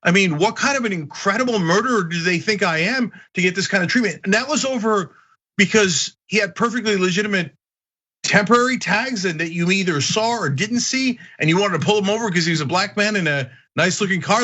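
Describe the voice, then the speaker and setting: A man hosting a political commentary show, talking straight to his viewers in an animated, indignant way. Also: high-pitched, brisk. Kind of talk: heated opinion commentary.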